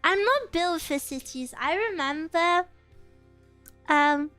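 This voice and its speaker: Giggly high-voiced young woman streamer. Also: takes it slowly, faint music behind. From England. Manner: giggly, rambling, animated storytelling. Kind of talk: casual chat reading viewer comments.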